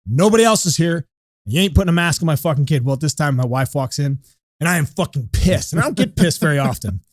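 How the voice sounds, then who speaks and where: Guy ranting a story fast, cussing a lot, dry sound. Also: on the high side, expressive, dry recording. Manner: profane, heated, rapid storytelling. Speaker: podcast co-host. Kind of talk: animated storytelling.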